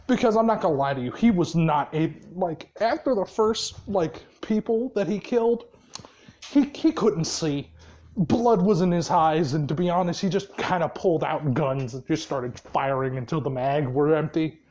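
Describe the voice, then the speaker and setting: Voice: medium pitch, moderate pace, a little mellow, highs cut off. A storyteller telling a fan-made story in a rambling, profane, casual way, with lots of fillers and frequent laughs.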